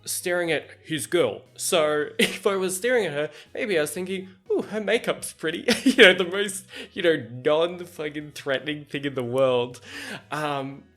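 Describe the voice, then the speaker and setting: A man's voice: a little high, a little slow, faint music behind. A man hosting a podcast, telling a work story in casual chat, laughing often and acting out what people said. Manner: animated, laughs often, acts out quoted dialogue. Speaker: podcast host.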